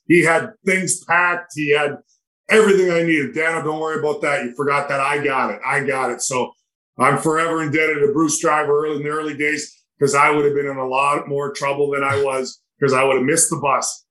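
An older man, a retired hockey player, telling rambling, animated stories in a podcast interview. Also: fairly high pitch, rough recording. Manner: animated, rambling anecdotes with quoted dialogue.

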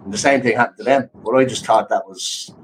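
A man telling a sweary, animated anecdote in casual podcast chat. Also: mid-range voice, fast, background noise.

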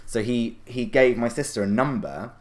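A middle-aged man, a guest telling a long story in a rambling, animated way, full of fillers and self-corrections. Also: mid-range voice, moderate pace. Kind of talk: casual storytelling.

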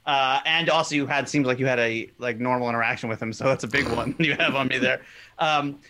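A man talks on a podcast in a loose, rambling way, circling back and restarting with plenty of fillers. His voice has a bright, sharp edge, sitting at a middling pitch. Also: a little fast. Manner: rambling storytelling with many fillers. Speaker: podcast co-host. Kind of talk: casual chat.

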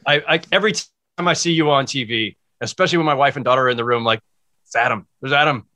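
A man's voice: mid-range voice, fast talker, bright, forceful tone. A man who is a guest sportswriter on a podcast, speaking in casual chat in a reflective, heartfelt way.

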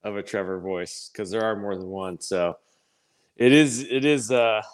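A man's voice: fairly low pitch, moderate pace, clear, resonant tone. A man co-hosting a casual podcast, joking and laid-back. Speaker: podcast co-host.

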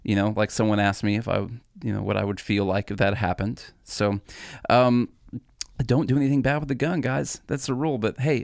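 A man's voice: on the low side, creaky, no echo, studio quality. A man co-hosting a casual political podcast, chatty and laughing easily as he signs off with promotions. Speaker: podcast co-host.

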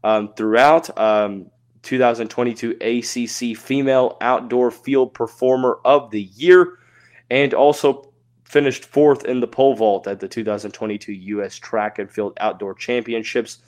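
A young man hosting a sports podcast, talking casually with many filler words and quick self-corrections. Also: medium pitch. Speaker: podcast host.

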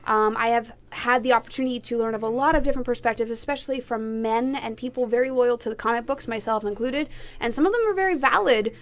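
Woman co-host, high voice, chatty storyteller, slightly muffled lo-fi recording. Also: fast. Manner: chatty, storytelling with playful asides. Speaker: podcast co-host. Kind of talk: casual chat.

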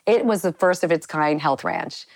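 A woman's voice: on the low side, moderate pace, vocal fry, no room sound. A middle-aged woman, a guest nutritionist, telling her story candidly in a chatty interview with many fillers.

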